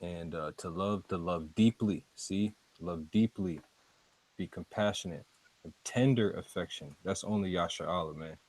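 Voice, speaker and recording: A man teaching scripture in a casual, halting way, going slowly word by word and often repeating himself. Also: low-pitched, a little mellow, husky, dry recording, rough recording. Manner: slow, halting, repeats words and fillers. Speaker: street preacher teaching scripture.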